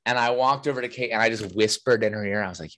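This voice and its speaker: A man's voice: medium pitch, fairly even intonation, quick pace, a bit bright. A man co-hosting a podcast, chatting casually and telling joking stories with plenty of swearing. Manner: profane, joking storyteller. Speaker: podcast co-host. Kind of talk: casual chat.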